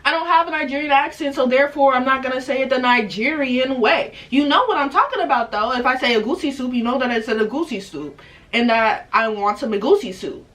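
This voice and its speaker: A woman's voice: high voice, lively intonation, a little fast, fairly bright tone, recorded from a distance. A young adult woman vlogger in a casual, emphatic rant to camera who repeats her points for effect.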